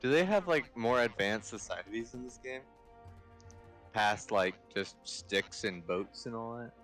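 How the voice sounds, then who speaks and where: A man's voice: medium pitch, animated, a little slow, a bit bright, faint music behind. A man chatting casually with a friend over voice chat, asking questions and laughing often.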